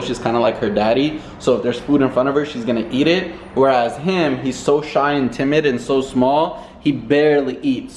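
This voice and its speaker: A young man chatting casually in a vlog at home, playful and laughing easily. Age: young adult. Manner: playful, laughs often, coaxing high voice with his dogs. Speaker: vlogger. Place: at home, later in a car.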